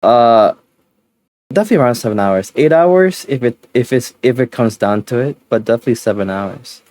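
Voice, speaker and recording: A tired, sleepy male streamer with an expressive, medium-pitched, darkish voice winds down his stream with casual chat, recorded with no echo. He rambles and halts, restarting sentences amid many fillers.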